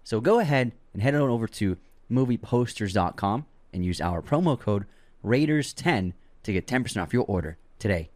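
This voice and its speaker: Brief: young male co-host, relaxed wit, fairly low voice. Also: no room sound. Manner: laid-back, quick-witted banter. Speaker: podcast co-host. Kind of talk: casual chat with ad reads.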